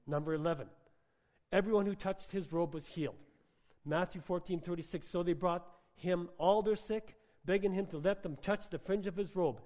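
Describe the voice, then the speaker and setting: A man preaching a sermon in a church hall, talking quickly and emphatically and pausing for rhetorical questions to the congregation. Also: a little high, darkish tone. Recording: long hall reverb.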